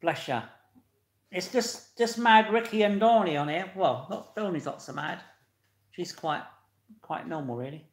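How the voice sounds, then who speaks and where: A man's voice: high-pitched, unhurried. Chatty man, echoey room. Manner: chatty, laughing, greets viewers loudly. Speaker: live stream host. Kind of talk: casual live-stream chat with viewers.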